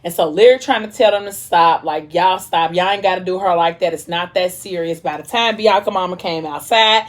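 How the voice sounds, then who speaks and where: Animated young woman retelling a story. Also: on the low side, fairly quick, hardly any pauses. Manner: animated, dramatic retelling with quoted dialogue and slang. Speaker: mukbang vlogger retelling a book. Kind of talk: casual storytelling chat.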